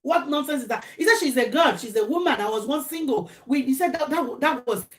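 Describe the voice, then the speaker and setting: A woman's voice: high-pitched, lively intonation, a little fast. A Nigerian woman vlogger telling a gossip story during a mukbang, mimicking the people in it. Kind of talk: chatty storytelling while eating.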